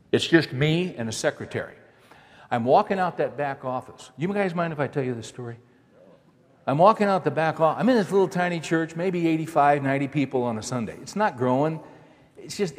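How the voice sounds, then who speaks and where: A middle-aged man, a pastor preaching a conversational, storytelling sermon. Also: fairly high pitch. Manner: conversational, acts out quoted dialogue with lively shifts. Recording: long reverb of a large hall.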